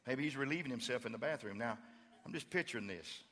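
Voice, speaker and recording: A man preaching in a church with a bright, forceful voice that rings out in a long hall reverb. He moves between hushed, playful retellings of scripture and rising, fervent calls to the congregation. The delivery is a lively mix of humor and fire. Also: medium pitch, fast talker. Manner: swings from quiet storytelling to loud fervent preaching. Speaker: pastor. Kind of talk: sermon. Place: church sanctuary.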